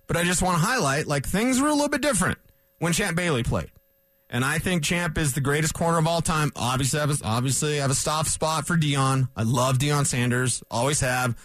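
Sex: man. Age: 40s. Role: sports talk radio host. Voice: high, lively. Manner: rambling, self-correcting. Mic: dry studio. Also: no echo. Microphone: studio microphone.

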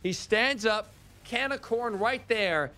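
High-voiced man ranting on sports radio. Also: takes it slowly, bright, forceful tone. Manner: incredulous, ranting storyteller. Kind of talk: sports talk radio chat.

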